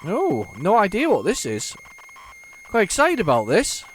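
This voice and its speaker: A man's voice: sits high, huge pitch swings, a little slow, a bit bright, a little hiss or hum. A man hosting a retro gaming video, chatting casually and rambling through his commentary with many fillers and restarts.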